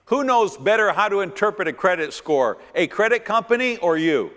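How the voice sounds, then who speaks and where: A middle-aged pastor running a church finance seminar speaks in a fairly high, sing-song voice that's a bit bright, at normal speed. He drives home his message by repeating words and questioning the audience rhetorically, and his voice rings with the long reverb of a church hall.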